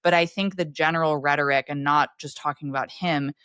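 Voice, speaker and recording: A woman's voice: deep voice, fairly even intonation, a little fast, fairly bright tone, clean tone, dry recording, studio quality. A woman co-hosting a political podcast, talking in an opinionated, emphatic, casual way. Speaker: podcast co-host.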